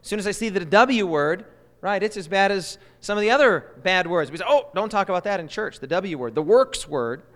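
Man, high voice, church Bible lesson teacher, lively, quizzes the group, long hall reverb. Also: brisk.

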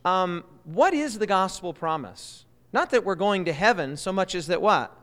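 A male Bible study teacher with a notably high voice leads a lesson at church, lively and constantly quizzing the group. A long reverb makes his voice ring out as though in a large hall.

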